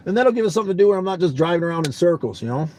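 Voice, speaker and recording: A man's voice: sits high, expressive, very fast, noisy background. Groggy, rambling man vlogging on the road. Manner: rambling, laid-back, repeats words, swears casually. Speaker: traveling vlogger. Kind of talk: casual chat to camera.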